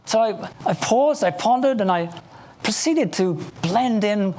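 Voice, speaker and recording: A man's voice: high-pitched, animated, unhurried, darkish tone, slight background noise. A man with an English accent giving a motivational keynote to a live audience, telling stories playfully. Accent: English, Oxford area. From England. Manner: storytelling, playful, addressing the audience. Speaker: keynote speaker.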